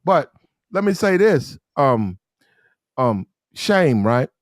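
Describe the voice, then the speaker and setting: A man's voice: medium pitch, very animated, slow pace, no echo, clean studio sound. A man telling a profane, rambling story in a casual podcast chat.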